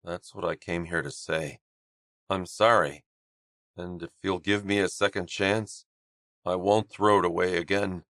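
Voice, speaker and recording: A man doing a low, guarded hockey player. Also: steady tone, dry recording, studio quality. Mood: tender. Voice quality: raspy. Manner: quiet, low, halting confession. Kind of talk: audiobook character voice.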